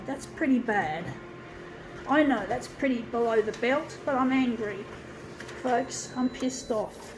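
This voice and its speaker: A woman's voice: fairly high pitch, unhurried, a little hiss or hum, rough recording. A woman ranting angrily to her viewers as a vlogger, swearing heavily and calling them folks. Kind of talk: angry personal rant to viewers.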